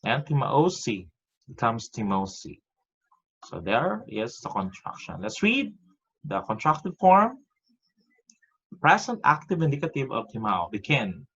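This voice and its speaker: Methodical male teacher, lively pitch. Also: unhurried, pauses often, breathy edge. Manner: methodical, reciting rules step by step. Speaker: Greek teacher. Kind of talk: recorded online lecture. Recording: dull lo-fi audio.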